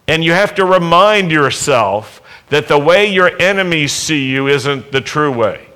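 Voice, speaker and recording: A man preaching a sermon at a worship service, speaking emphatically, asking the congregation rhetorical questions and building to loud exhortations. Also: on the high side, lively intonation, measured pace, few pauses, clear, resonant tone.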